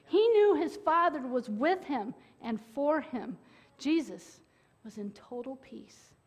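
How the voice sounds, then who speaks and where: A woman preaching a sermon in an earnest way, with dramatic pauses and sudden loud bursts. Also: high voice, very animated.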